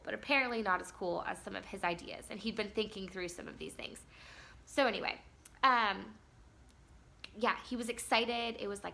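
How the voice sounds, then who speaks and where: Mom vlogger, woman, 30s, bright edgy tone, casual rambling storyteller. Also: medium pitch, gravelly. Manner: chatty, rambling, many fillers.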